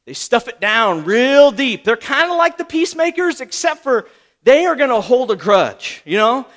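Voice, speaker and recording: This preacher's voice is very high, very animated and fairly bright, at a normal speed. His sermon is conversational, peppered with "right?" and short acted-out exchanges in little voices.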